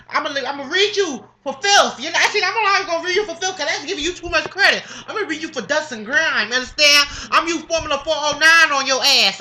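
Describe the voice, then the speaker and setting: A woman rants straight to her camera in a high, bright, cutting voice. She swears freely and stacks up emphatic jabs, circling back to "understand?" to drive each point home. The tone is sassy, comedic and full of attitude. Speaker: vlogger. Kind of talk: profane comedic rant to camera.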